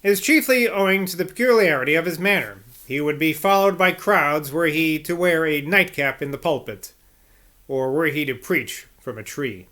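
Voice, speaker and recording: A man reading the lines of a blunt, forceful old male scholar in an audiobook, with emphatic, sardonic delivery. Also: on the high side, lively intonation, moderate pace.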